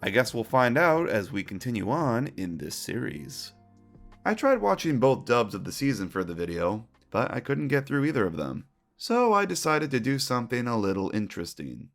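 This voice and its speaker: A man's voice: medium pitch, sing-song, moderate pace, soft background music. A man narrating a scripted retrospective commentary, opinionated and wry.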